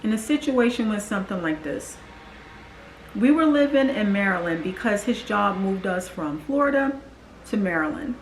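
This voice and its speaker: A woman's voice: mid-range voice, lively intonation, normal speed, roomy sound, slight background noise, rough recording. A woman in her forties telling her personal story to the camera in an earnest, confiding way. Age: 40s. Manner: earnest, confiding, acts out quoted voices. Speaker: vlogger.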